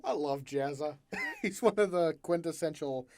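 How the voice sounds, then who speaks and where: A man's voice: on the high side, wildly swooping pitch, moderate pace, a little mellow, slight background noise. A man hosting a casual podcast chat, giggly and self-deprecating. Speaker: podcast host.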